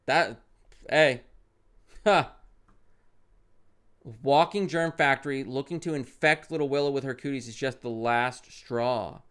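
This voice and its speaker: A young man streaming a parenting game, reading its text aloud and reacting with loud outbursts and muttered asides. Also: medium pitch, unhurried, pauses often, clean tone.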